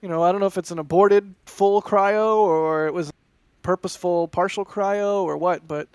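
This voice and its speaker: A man co-hosts a live stream and talks loosely, hedging his guesses and dropping puns. His voice sits high for a man. The sound is dry and close. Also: steady tone, moderate pace, a little mellow, clean tone, no echo. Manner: rambling, punning, hedges his guesses. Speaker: stream co-host. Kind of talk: casual live commentary.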